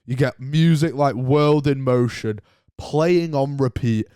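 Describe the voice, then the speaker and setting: A young man hosts a solo podcast, animated and ranting with cheeky banter. His voice sits at an ordinary middle pitch and the sound is dry and close, with no room around it. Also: takes it slowly, clean tone, dry recording. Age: young adult. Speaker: podcast host. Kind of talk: casual solo podcast chat.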